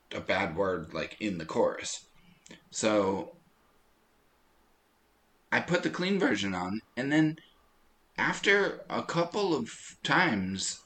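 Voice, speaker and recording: A man co-hosting a podcast in casual chat, telling animated stories and laughing often. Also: on the low side. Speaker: podcast co-host.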